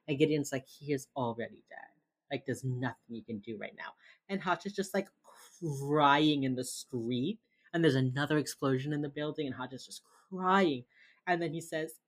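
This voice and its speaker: A woman with a very low-pitched voice co-hosts a podcast, recapping a TV episode at normal speed. Her relaxed, casual storytelling is sprinkled with lots of "like."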